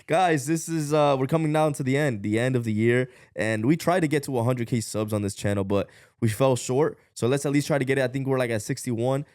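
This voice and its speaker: A man's voice: medium pitch, a little fast, a little mellow, no room sound, clean studio sound. A man co-hosting a podcast, talking casually to viewers and asking them to subscribe. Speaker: podcast co-host.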